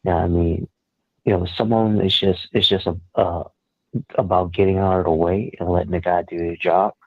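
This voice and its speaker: A man calling in as guest co-host, speaking in a measured, halting way with many fillers over a phone line. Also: low-pitched, little pitch movement, dry recording. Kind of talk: call-in sports talk. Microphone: phone call.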